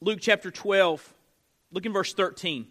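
A middle-aged man pastor preaching a sermon, emphatic and swinging between loud declarations and hushed low lines. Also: unhurried.

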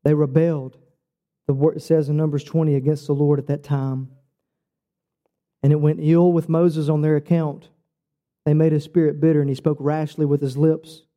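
A man preaching a sermon, telling stories with quoted dialogue in a casual, lively way. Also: fairly high pitch, normal speed, long pauses. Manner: animated storytelling with quoted dialogue; casual, says "bro" and "like". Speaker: pastor.

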